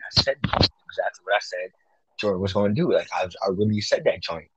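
A young man co-hosting a casual podcast, talking excitedly and boasting, full of slang, about calling his predictions. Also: sits low, fairly quick, heavy background noise. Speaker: podcast co-host.

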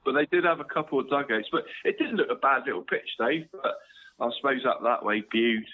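A man's voice: medium pitch, expressive, a little fast, phone-quality sound, a little hiss or hum. A man from Cornwall co-hosting a football podcast, chatty, laughing often and calling everyone "mate". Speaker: podcast co-host. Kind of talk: casual football chat.

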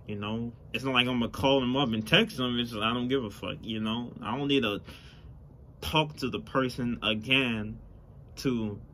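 A man's voice: mid-range voice, fairly bright tone. A young man hosting a casual solo podcast, rambling and swearing freely, recorded outdoors on a phone near passing traffic. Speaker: podcast host. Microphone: phone mic, later plugged-in mic. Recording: faint car traffic noise outdoors.

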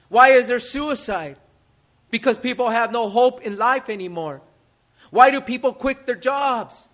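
Male pastor, sermon delivery, very high pitch, rhetorical questions and repetition. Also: sharp tone. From United States. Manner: emphatic rhetorical questions, repeats phrases.

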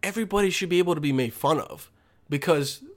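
A man talks alone in a rambling, foul-mouthed monologue, often losing his thread and starting over. He is blunt and combative, and his voice sits fairly high for a man. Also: fast. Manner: crude, rambling, loses his thread, heavy swearing.

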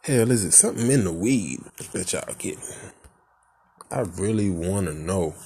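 A man's voice: deep voice, animated, normal speed, creaky, dark tone, husky. A man venting in an angry, profane rant, full of rhetorical questions and frustration.

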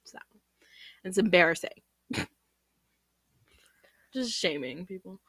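A woman's voice: on the low side, animated, slow pace, fairly bright tone, breathy edge, no room sound. A young woman from the Midwest co-hosting a podcast, chatting casually, laughing often and drifting off on tangents. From American Midwest. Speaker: podcast co-host. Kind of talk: casual chat.

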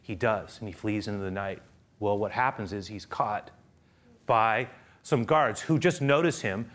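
A man preaching a sermon, retelling a story with passion; he swings from hushed talk to loud, high excitement. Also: a little slow. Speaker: pastor.

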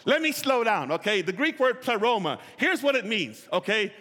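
Male preacher, call-and-response sermon; bright, forceful tone with long hall reverb. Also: high voice, big pitch swings, moderate pace, slight background noise. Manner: call-and-response, has listeners repeat phrases. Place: church.

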